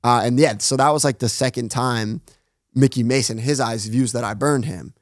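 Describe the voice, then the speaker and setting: A man's voice: medium pitch, dry recording, clean studio sound. A man on a podcast as a guest, telling stories in a casual way and acting out quoted lines, with constant "like" fillers. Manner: fast retelling, acts out quoted dialogue, heavy use of "like". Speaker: podcast guest, runs his own online show. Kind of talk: casual storytelling interview.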